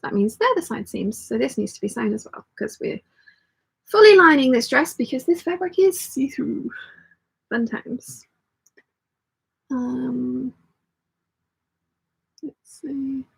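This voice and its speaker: A woman with a somewhat high, gravelly voice runs a casual sewing live stream. Her tone is husky and a little breathy as she rambles through her plans. She stops now and then to read and answer viewer comments. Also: animated, takes it slowly, pauses often, poor audio. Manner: chatty and rambling, thinks aloud while sewing. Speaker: sewing channel host.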